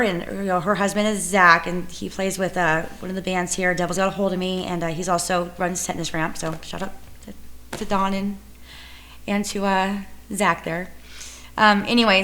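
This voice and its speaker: A woman's voice: mid-range voice, a bit bright. A woman who co-runs a music venue telling a story in a casual interview, rambling with fillers and self-corrections.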